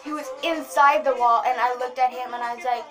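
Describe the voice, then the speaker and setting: High-pitched young woman rambling on her vlog, says "like" a lot, music going behind her. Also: fairly quick. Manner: excitable, rambling, lots of "like". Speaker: vlogger. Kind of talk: casual vlog chat.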